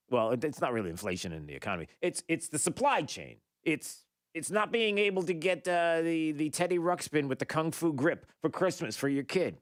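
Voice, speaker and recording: A man's voice: a little high, animated, moderate pace, hardly any pauses, no echo. Male talk radio host, rambling monologue, lots of fillers, dry close studio sound.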